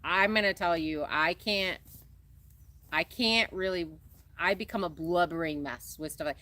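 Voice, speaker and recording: Bright-voiced woman livestream co-host. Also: on the low side, measured pace. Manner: animated, laughs easily, reads viewer comments. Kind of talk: casual livestream chat.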